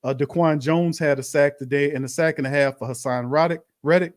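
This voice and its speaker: A man's voice: on the high side, steady tone, a little fast. A man hosting a live-stream watch party, commenting bluntly on a loss and calling his viewers fam. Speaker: sports show host.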